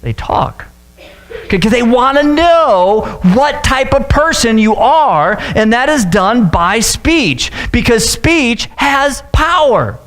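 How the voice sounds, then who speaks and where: A male pastor preaching a sermon in a casual, joking way, with sudden high-pitched outbursts. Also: sing-song, slow pace, hardly any pauses, a bit bright, faint music behind.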